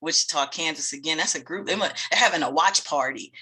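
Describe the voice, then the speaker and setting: Upbeat woman webinar host, bright voice, greets people cheerfully over a computer mic. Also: deep voice, a little fast, husky. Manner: upbeat, greets attendees by location, laughs often. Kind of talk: live webinar welcome.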